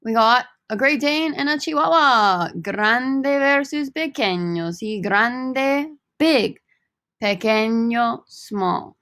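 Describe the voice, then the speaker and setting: A woman teaching a recorded Spanish lesson, upbeat and joking, repeating each word slowly. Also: fairly high pitch, lively intonation, fairly bright tone, dry recording, clean studio sound.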